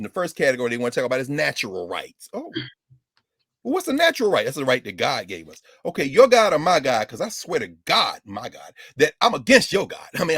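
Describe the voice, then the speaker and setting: A man giving a civics lecture with comic asides, animated and sardonic. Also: high voice, slightly rough, dry recording, clean studio sound. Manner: animated, sardonic, slips into mock voices.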